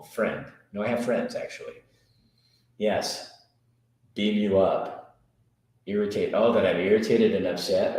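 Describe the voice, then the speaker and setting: Deep-voiced joking man, echoey room. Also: a little mellow. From Montana. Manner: joking, rambling, self-mocking. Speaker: livestream host reading viewer comments. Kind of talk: casual live chat.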